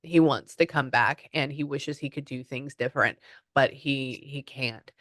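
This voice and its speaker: Low-voiced chatty woman medium. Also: measured pace, no echo. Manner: swings from excited exclamations to hushed murmurs; chatty, relays messages in quoted asides. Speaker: spiritual medium. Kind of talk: mediumship reading with a client.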